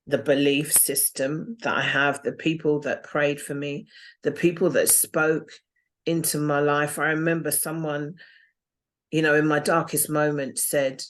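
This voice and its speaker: A woman's voice: low voice, level tone, unhurried. A woman guest telling her own story in an interview, earnest and reflective. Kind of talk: interview testimony.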